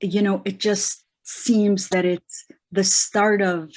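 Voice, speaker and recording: A woman in a study group speaks very slowly and thoughtfully. She is hesitant and pauses often as she works out her question. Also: medium pitch, level tone, darkish tone. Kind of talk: group discussion.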